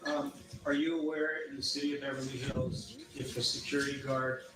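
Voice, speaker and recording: A man's voice: mid-range voice, fairly even intonation, a little fast, roomy sound, far from the mic, low-quality recording. A man working as an attorney, cross-examining a witness with pointed yes-or-no questions.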